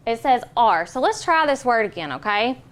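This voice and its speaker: High-voiced woman teaching a class. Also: big pitch swings, a bit bright. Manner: clear, patient, directive, drawn-out sounds. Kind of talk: classroom phonics lesson.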